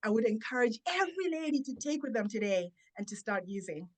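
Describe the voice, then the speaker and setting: A woman's voice: fairly high pitch, big pitch swings. Emphatic woman speaking coach. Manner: emphatic, coaching tone with deliberate pauses. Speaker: confidence and public speaking coach. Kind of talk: guest giving advice in a podcast interview.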